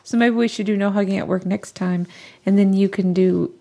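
A woman's voice: mid-range voice, steady tone, fairly quick, vocal fry, dark tone. A woman co-hosting a podcast in casual chat, dry and teasing. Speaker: podcast co-host.

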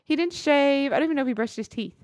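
A middle-aged woman co-hosting a casual podcast, her voice sitting a little high. She tells stories with gusto and plays out the voices of the people she quotes. The sound is dry and close, with no room around it. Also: quick pace, darkish tone, dry recording. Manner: chatty storyteller who acts out quoted voices. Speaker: podcast co-host. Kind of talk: casual chat.

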